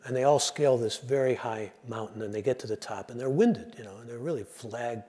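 A man's voice: mid-range voice, a little fast, dark tone. A man, a radio host, giving a lecture that moves from joke to joke in a conversational, digressive way. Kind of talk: storytelling lecture with jokes.

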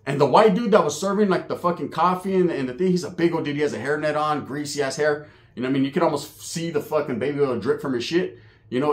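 A man's voice: fairly high pitch, brisk. A man telling a prison story in casual, profane, slang-heavy street talk.

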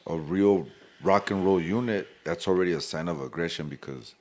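A very deep, low-pitched male voice. He chats casually as a podcast guest, swearing freely and dropping Spanish slang into his stories. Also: moderate pace, darkish tone. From El Paso, Texas. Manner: profane, streetwise storytelling mixed with Spanish slang.

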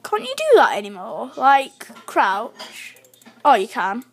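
A woman giving chatty live commentary while playing a video game, talking to herself with excitable outbursts. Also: fairly high pitch, slow pace, vocal fry, husky. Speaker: gamer.

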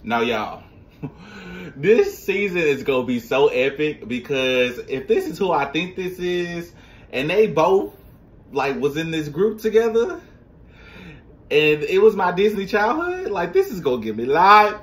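A man hosting a casual reaction vlog, speaking straight to his viewers in an animated, slangy way. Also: fairly high pitch, a little slow. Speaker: vlogger.

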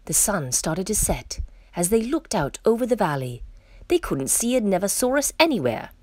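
A woman reading a children's picture book aloud in an expressive, playful way. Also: mid-range voice, moderate pace, no room sound. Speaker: storyteller. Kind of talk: children's story read-aloud.

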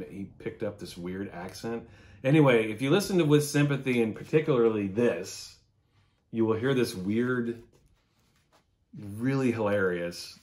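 A man's voice: lowish voice, darkish tone. A man in his forties chatting casually and enthusiastically about records, swearing now and then. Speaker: music vlogger.

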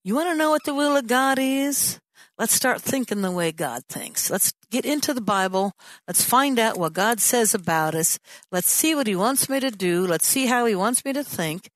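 A woman's voice: on the high side, expressive, moderate pace, no echo. A woman pastor teaching a sermon in a conversational way, often slipping into the voices of the people she describes. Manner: conversational, acts out prayers and dialogue in changing voices. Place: church.

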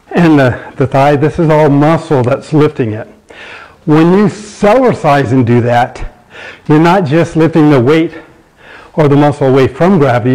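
A man's voice: fairly high pitch, darkish tone, poor audio. A man in his sixties hosts a live fitness broadcast. He explains each exercise while demonstrating it, taking viewer questions in an easygoing instructional way. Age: 60s. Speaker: fitness show host.

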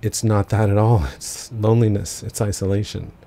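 A man's voice: fairly low pitch, level tone, normal speed, creaky, dark tone. A man explaining a filmmaking technique as an instructor, talking it through step by step with casual asides. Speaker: film school instructor. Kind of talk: explanatory lesson narration.

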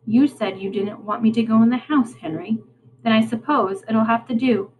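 Lady reading an earnest young girl, kinda pleading, light high voice, storybook. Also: normal speed, noisy background, close to an everyday voice. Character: earnest young girl, patient but stung.

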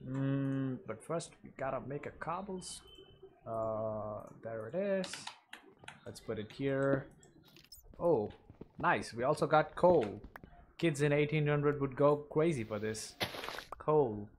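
A young man giving casual let's-play commentary, mumbling asides and bursting into loud yelps and cheers. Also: mid-range voice, expressive, slow, a little hiss or hum. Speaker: gaming commentator.

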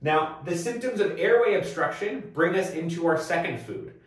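Male medical lecturer, slightly high voice, methodical and clear, distant mic in a very echoey room. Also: lively intonation, normal speed. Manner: clear, methodical teaching with rhetorical prompts. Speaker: medical educator.

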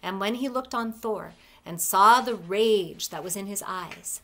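Woman reading a myth aloud. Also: mid-range voice. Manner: measured, expressive. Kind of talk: storybook read-aloud narration.

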